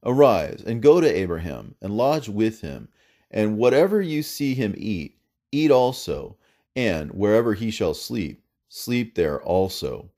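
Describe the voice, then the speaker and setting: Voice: a man voicing a divine lord. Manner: measured, authoritative, slowing at the close. Pitch: low. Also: sing-song, a little mellow, full character voice. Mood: commanding. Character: male divine voice, the Lord, commanding.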